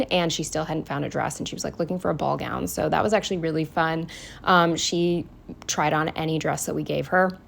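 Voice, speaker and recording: A woman in her twenties chatting casually through her planner week, swearing freely and filling pauses with "um" and "like". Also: low-pitched, vocal fry. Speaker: planner vlogger. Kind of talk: casual chat.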